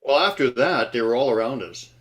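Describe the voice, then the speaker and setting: Halting man chatting on a video call. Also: medium pitch, expressive. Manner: halting, restarts and trailing phrases. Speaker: panelist. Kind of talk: casual roundtable chat.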